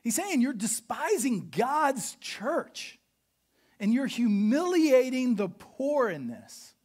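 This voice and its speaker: A pastor preaching a sermon, explaining history with an animated, questioning teaching manner. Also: mid-range voice, takes it slowly, breathy edge. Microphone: podcast recording of a live sermon.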